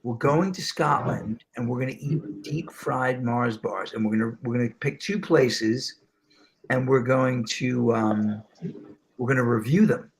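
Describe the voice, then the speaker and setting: Gravelly animated storytelling man. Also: mid-range voice, unhurried. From New York. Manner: animated storyteller, slips into voices. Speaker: show host. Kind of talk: casual storytelling chat.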